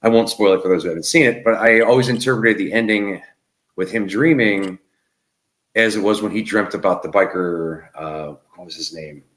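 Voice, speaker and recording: A male host chatting casually in a relaxed, easygoing way. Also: fairly low pitch, moderate pace, roomy sound. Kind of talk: casual chat.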